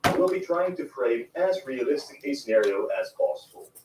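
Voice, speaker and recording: Lively male video narrator, distant and noisy. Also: mid-range voice, brisk, reverberant.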